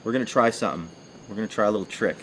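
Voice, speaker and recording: Relaxed livestream co-host, rambling and jokey, lowish voice. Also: male voice, rapid-fire, a little hiss or hum. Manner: loose and rambling, full of fillers, jokey. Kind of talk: casual livestream chat.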